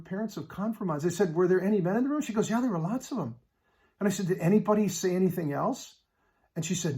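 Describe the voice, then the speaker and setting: Man preaching with rising fervor. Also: a little high. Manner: animated storytelling, rising to exhortation. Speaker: speaker at a Catholic men's event. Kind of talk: preached talk with storytelling.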